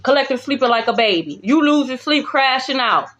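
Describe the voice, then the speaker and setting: A woman reads tarot for her viewers in a fairly high voice. She talks bluntly and swears freely, moving between calm reassurance and heated calling-out. Soft music plays under her the whole time. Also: brisk, hardly any pauses, dull audio. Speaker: tarot reader. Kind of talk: spiritual tarot reading to viewers. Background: background music.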